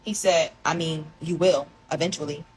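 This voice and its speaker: Young woman with a low voice rambling thru her story, kinda emotional, faint hiss in the background. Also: fairly even intonation, normal speed, a little mellow, poor audio. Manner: emotional, confessional, rambling, reads texts aloud. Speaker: vlogger telling her story. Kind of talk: casual storytime monologue.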